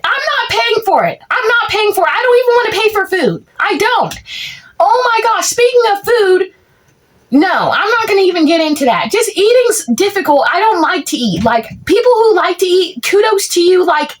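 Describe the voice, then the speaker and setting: A young woman with a strikingly high voice rants through a comic monologue. She rambles and vents in exasperation, piling on filler words as she goes. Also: sing-song, moderate pace. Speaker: content creator. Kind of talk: comedic POV rant monologue.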